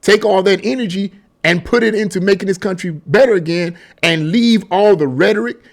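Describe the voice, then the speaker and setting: A man's voice: high-pitched, brisk. Emphatic man giving political commentary. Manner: emphatic, repetitive, restarts and paraphrases often. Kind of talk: casual solo commentary.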